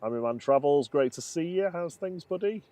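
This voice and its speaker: A man's voice: fairly high pitch, expressive, normal speed, mellow, no echo. Chatty man commentating a live stream. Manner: chatty, laughs often, reads out viewer comments.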